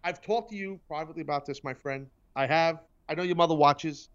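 Host guy fake-yelling at his producer, kinda high voice, dull lo-fi sound. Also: fairly quick, clear, resonant tone. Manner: mock-angry ranting, teasing banter. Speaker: talk show host. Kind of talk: casual sports and wrestling chat.

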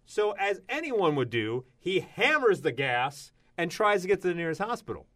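Animated man telling odd news stories. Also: sits high, moderate pace. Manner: animated storytelling with sudden loud exclamations. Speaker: radio show co-host. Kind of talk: casual chat reading odd news stories.

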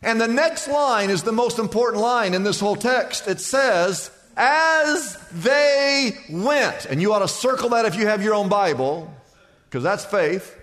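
High-voiced preaching pastor in a hall. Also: male voice, lively intonation, moderate pace. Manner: preaching with rising lists and shouted peaks. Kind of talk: sermon. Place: large church sanctuary. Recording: church hall reverb.

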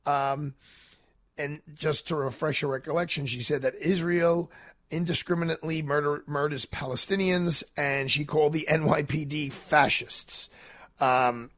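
A man's voice: on the high side, steady tone, a little slow, fairly bright tone, no room sound. A man hosting a talk radio show, giving emphatic opinions with many fillers and restarts.

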